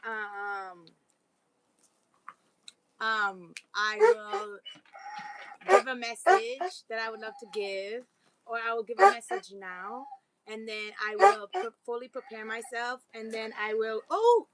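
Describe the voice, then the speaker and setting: High-voiced rambling woman vlogger. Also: noisy background. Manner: rambling, talks to her dogs mid-sentence. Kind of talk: casual spiritual chat.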